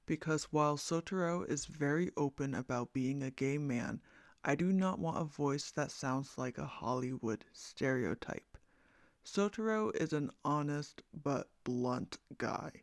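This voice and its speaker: A man reading character descriptions for a casting call in a measured, plain way. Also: a little high, lively intonation, no room sound, studio quality.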